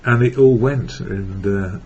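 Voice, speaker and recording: An English recovery blogger speaks slowly in a voice on the low side. His reflective personal monologue about recovery rambles, and he corrects himself along the way. The recording is dull and lo-fi, with a faint hiss.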